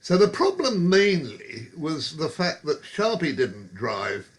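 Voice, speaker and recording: A man's voice: on the high side, huge pitch swings, slow pace. A man telling rambling, wry pub anecdotes with chuckles and digressions. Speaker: storyteller.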